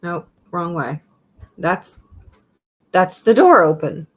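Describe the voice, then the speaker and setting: A woman's voice: fairly low pitch, expressive, takes it slowly. Woman, live streamer, casual chat, blunt, swears, mutters while reading aloud.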